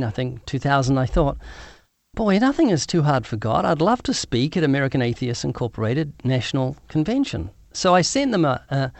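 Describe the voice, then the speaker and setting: A man's voice: a little high, no echo. Jokey man. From Southern Hemisphere. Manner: jokey, self-deprecating storyteller, laughs often. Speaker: guest evangelist and author. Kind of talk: casual interview chat.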